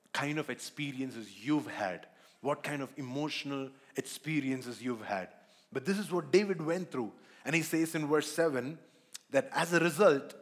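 A man preaching a sermon in church, earnest, repeating himself and asking the congregation questions. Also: medium pitch. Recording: long hall reverb.

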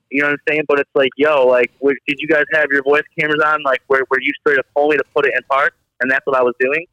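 A young man from the Detroit area, a guest on a casual podcast, telling animated stories packed with filler words. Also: medium pitch, fast talker, no echo. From Detroit area, Michigan. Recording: dull, slightly lo-fi dry audio.

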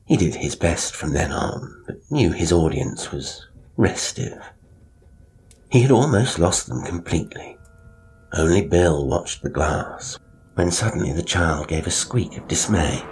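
A man narrating a short story in a measured, even way. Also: low voice, a little hiss or hum.

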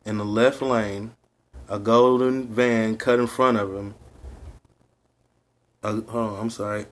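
A man, co-hosting a casual podcast, reading a news story aloud in a laid-back, low-key way. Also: a bit bright. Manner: laid-back, low-key delivery, calls himself high all the time. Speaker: podcast co-host.

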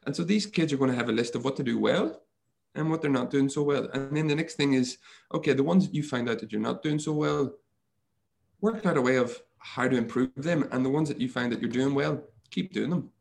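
A man talks casually as a podcast guest, speaking as a mindset coach. He tells stories with animation and voices his own thoughts in quoted lines, in a voice of middling pitch for a man. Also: a little fast, gravelly, a little mellow.

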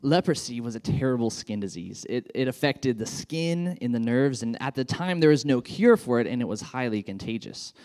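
A male pastor preaching with warm enthusiasm, chatty and informal, dotting his talk with ums and uhs. His voice sits at an ordinary middle pitch. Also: expressive, normal speed, hardly any pauses. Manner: enthusiastic, conversational with many fillers. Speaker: children's pastor. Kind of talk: sermon.

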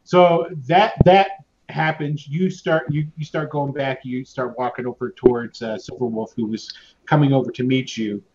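Steady and darkish in tone, a medium-pitched man runs a tabletop game as game master at a moderate pace. He narrates casually, rambling with many fillers and restarts, captured on muffled lo-fi audio with clear background noise.

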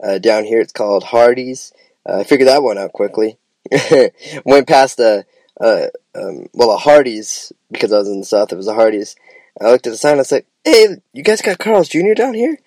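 Rambling, excitable man in a casual podcast. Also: on the low side, moderate pace, no room sound. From Idaho, US. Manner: rambling and enthusiastic, peppered with "man" and "bro". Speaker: podcast host. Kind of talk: casual solo podcast chat.

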